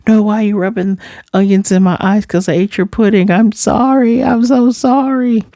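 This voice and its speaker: A man's voice: high-pitched, steady tone, moderate pace, dark tone, no room sound, studio quality, pitched above the performer's own voice. A man doing a whiny, panicky middle-aged husband. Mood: panicked. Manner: whiny, pleading.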